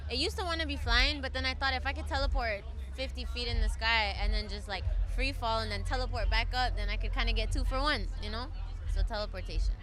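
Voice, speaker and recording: A woman's voice: fairly high pitch, quick pace, a bit bright. Bubbly giggly woman. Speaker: musician. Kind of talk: casual festival Q&A.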